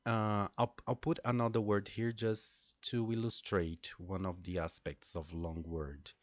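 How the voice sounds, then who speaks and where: A man who is not a native English speaker, teaching pronunciation slowly and deliberately and repeating words for drilling. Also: on the low side, little pitch movement, no room sound. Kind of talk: pronunciation lesson.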